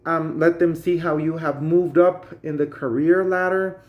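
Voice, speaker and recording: A man with a Guatemalan Spanish accent, a native Spanish speaker, gives a casual spoken English lesson. He talks in a chatty, friendly teacher's way and keeps turning to his viewers. His voice sits a little high for a man. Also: steady tone, unhurried, muffled recording. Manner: chatty, calls viewers guys.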